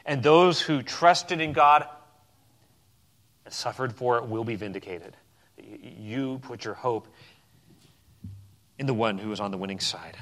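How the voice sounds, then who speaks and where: A pastor preaching a sermon with emphatic swings between loud declarations and quiet, low passages. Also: male voice, unhurried, long pauses.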